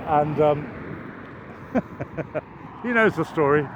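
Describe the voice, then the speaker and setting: An older man narrates his walk outdoors in a meandering, chatty way. His voice sits a touch high and jumps up with excitement. The recording is muffled and lo-fi, with steady traffic noise behind him. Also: measured pace, long pauses. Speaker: vlogger. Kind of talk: rambling walking vlog. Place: outdoors near a railway.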